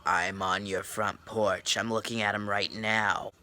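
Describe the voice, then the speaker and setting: A creepy man's voice, low, quiet and drawn out, each word slow and unsettling, as a young storyteller puts him on. It sits under his own voice and sounds measured and menacing. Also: flat delivery. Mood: menacing calm. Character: creepy adult male stranger, slow and quiet.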